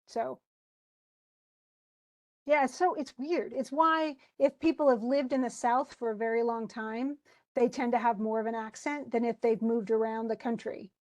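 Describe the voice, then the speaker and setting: An American woman teacher with a general American accent, giving an animated, chatty lecture with casual asides. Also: a little high, a little slow. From United States. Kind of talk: classroom lecture on a play.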